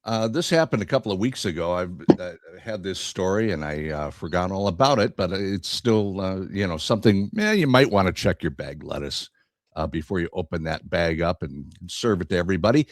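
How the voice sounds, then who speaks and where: Low-voiced chatty male radio host. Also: lively intonation, brisk, no room sound. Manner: chatty, rambling, chuckles through stories. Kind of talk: casual morning-show banter.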